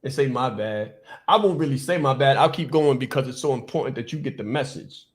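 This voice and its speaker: A man hosting a podcast, giving a fast, emphatic motivational talk, repeating his points and stumbling over words without stopping. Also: medium pitch. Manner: fast, repetitive, emphatic preaching. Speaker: podcast host and business coach. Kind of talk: motivational speech.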